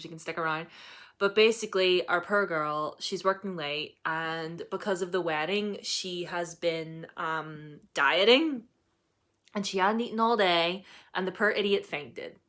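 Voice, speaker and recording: Chatty, excitable young woman vlogger. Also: on the low side, normal speed. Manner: chatty and excitable, with laughs and fillers. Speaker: book vlogger. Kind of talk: casual reading vlog chat.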